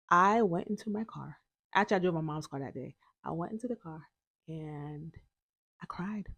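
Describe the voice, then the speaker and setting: Young female podcast host, chatty storyteller, fillers and restarts, lower register, dry room. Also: moderate pace, dry recording. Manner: chatty, frequent fillers and self-corrections.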